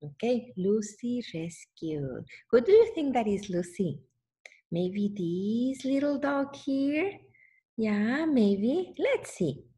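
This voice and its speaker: A woman's voice: on the high side, animated, slow pace, dark tone. A woman reading a picture book aloud to children, exclaiming often and stopping to ask the listener questions.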